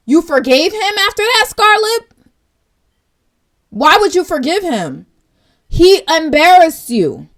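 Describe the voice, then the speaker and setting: A young woman, hosting her own vlog and speaking in an earnest, direct commentary style that turns tearful at times. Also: high-pitched. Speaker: vlog host.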